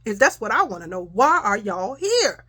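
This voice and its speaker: A woman's voice: mid-range voice, sing-song, moderate pace, bright, forceful tone, breathy edge. A middle-aged woman, telling a personal story in a casual chat and acting out the voices. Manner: chatty, addresses listeners as y'all, acts out quotes.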